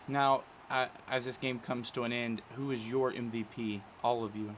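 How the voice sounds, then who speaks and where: A young man co-hosting mock sports commentary, making dry, quiet asides. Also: medium pitch, level tone, normal speed, slight background noise. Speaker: co-host.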